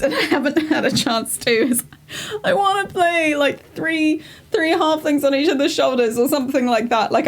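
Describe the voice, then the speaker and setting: A woman hosting a casual live stream, who talks in a chatty, rambling and self-deprecating way. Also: on the high side. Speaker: streamer improvising songs.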